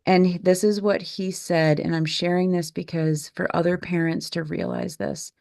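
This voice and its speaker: A woman's voice: fairly low pitch, fairly even intonation, normal speed, gravelly, darkish tone, no echo, clean studio sound. A woman in her forties hosting a candid podcast, telling a family story in an earnest, reflective way. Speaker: podcast host and mother.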